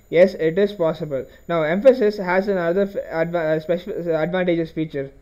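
A man's voice: high-pitched, a little fast, hardly any pauses, darkish tone, clear, resonant tone, muffled recording. A man teaching a programming lesson over a screen recording, explaining step by step with frequent okays and restarts. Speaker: programming tutorial host.

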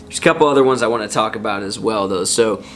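A man giving a casual worship guitar lesson, counting beats out loud over his strumming. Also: fairly low pitch, quick pace, a little hiss or hum. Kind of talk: relaxed guitar lesson with sung examples. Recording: loud acoustic guitar under the voice. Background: acoustic guitar playing.

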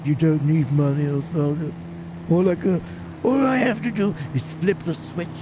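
A man's voice: on the high side, fairly even intonation, moderate pace, background noise. A man streaming a role-play as a pampered, bossy rich character, talking haughtily and laughing often.

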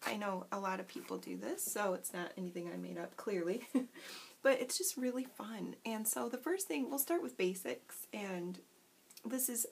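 A woman's voice: mid-range voice, vocal fry, breathy edge. A woman vlogging a casual craft tutorial from home late at night, chatty and self-deprecating, giggling often and talking around a cough drop.

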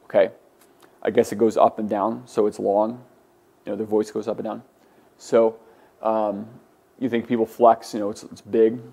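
A man's voice: fairly low pitch, flat delivery, normal speed, creaky, pauses often, mellow, husky. A man teaching a class, patiently explaining forms and drilling his students to say words aloud. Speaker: Greek teacher. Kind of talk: classroom lecture.

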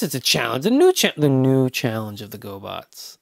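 Gravelly man bantering on a podcast. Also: medium pitch, wildly swooping pitch, no room sound, clean studio sound. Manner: teasing, halting with restarts. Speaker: podcast co-host.

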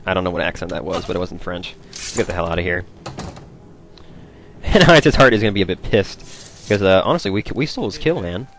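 A man's voice: sits low, fast. Chatty young man narrating gameplay. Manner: chatty, rambling, easily excited. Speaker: gameplay commentator. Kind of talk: casual let's play commentary.

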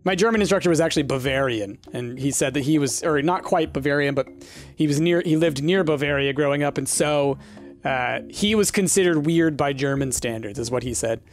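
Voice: medium pitch, a little fast. A let's play host giving casual gameplay commentary with rambling, self-deprecating asides, over faint game music.

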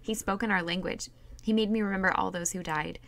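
A woman's voice: mid-range voice, fairly even intonation, fairly quick, fairly bright tone, natural voice. A woman reading aloud as a young slave woman who earnestly pleads her case in a storybook. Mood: pleading.

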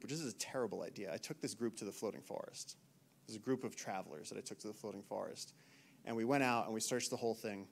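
A man in his thirties from the United States, a naturalist giving an animated storytelling talk to an audience in a lecture hall. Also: medium pitch. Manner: animated, acts out shouted quotes.

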